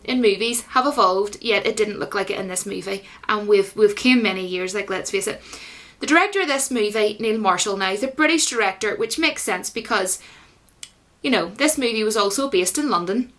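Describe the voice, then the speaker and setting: A woman's voice: a little high, a bit bright. A young woman giving a blunt, casual movie review straight to viewers, with lots of fillers. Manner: blunt, opinionated, full of fillers.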